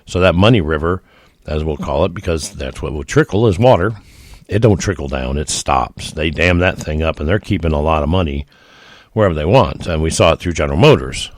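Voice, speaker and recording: A man's voice: a bass voice, animated, fairly quick, no echo. A man giving an opinionated solo commentary, folksy and emphatic, often calling his listeners folks.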